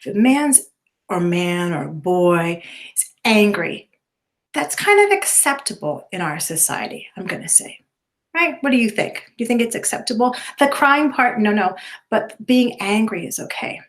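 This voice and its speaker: Woman, middle-aged, teacher, recorded lecture, conversational, tag questions, fillers, mid pitch. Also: very animated, moderate pace.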